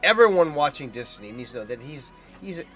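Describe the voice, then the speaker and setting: A man rants in scornful reaction commentary, his pitch swinging widely from line to line. Faint music plays underneath. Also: very animated, fast talker, fairly bright tone. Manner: indignant, heated and scornful, ranting. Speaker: political commentator.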